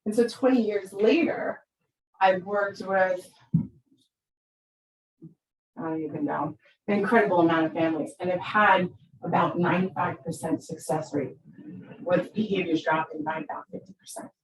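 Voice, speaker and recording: A therapist in her fifties presents to parents in a low-leaning voice at a moderate pace, with long pauses. She speaks conversationally, keeps asking "right?", and acts out quoted lines with big vocal shifts. The recording is roomy and echoey, with her far from the mic.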